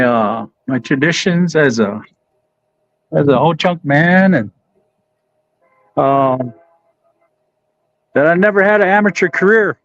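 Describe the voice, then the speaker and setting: A middle-aged man, a professional boxer, answers interview questions in a relaxed, halting way with frequent restarts. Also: fairly high pitch. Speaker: professional boxer, podcast guest. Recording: dull, dry audio.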